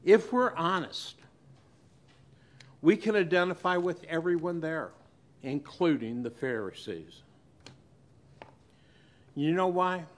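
A male pastor delivers a sermon to his congregation in a fairly high voice. He speaks slowly, with long dramatic pauses. He drops to a hush and then rises loud again. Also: animated. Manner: dramatic pauses, sharp swings between loud and hushed. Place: church.

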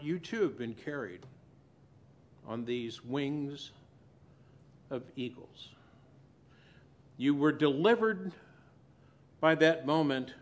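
A man preaching a sermon as pastor, swinging between loud emphasis and quiet, soft asides. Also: on the high side.

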